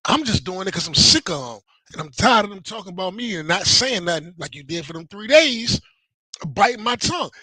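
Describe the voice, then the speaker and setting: A man's voice: sits high, sharp tone, no room sound, rough recording. A man on a podcast, talking heatedly and profanely, repeating himself and acting out quotes. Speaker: podcast host. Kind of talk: heated casual chat.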